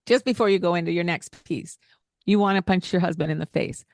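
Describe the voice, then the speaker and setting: Earnest lower-voiced woman podcast host. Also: brisk, gravelly, a little mellow, no echo, studio quality. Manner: earnest, coaching tone with frequent fillers. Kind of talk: casual parenting podcast chat.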